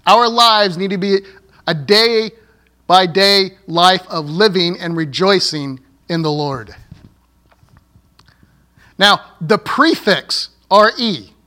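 A man's voice: high-pitched, takes it slowly, long pauses, bright, forceful tone. A male pastor preaching a sermon, with joking asides and laughing at his own slips.

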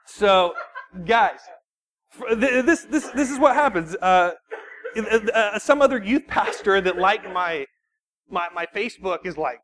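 A man, a youth pastor, giving an animated sermon full of personal storytelling and quick restarts. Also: high voice. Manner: animated, self-deprecating storytelling with frequent restarts.

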